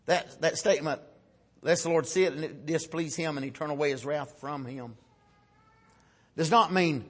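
A preacher with a fairly high, husky voice that climbs into shouts and drops to near murmurs. He preaches in a folksy way, full of amens and homely stories, and his voice sometimes breaks with feeling. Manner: swings from loud shouting peaks to low quiet asides, folksy. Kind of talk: sermon.

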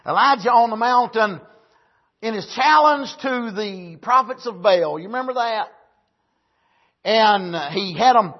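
Husky high-voiced preacher man. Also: a little slow, muffled recording. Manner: preaching with rising emphatic bursts and repeated amens. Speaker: pastor. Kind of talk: sermon.

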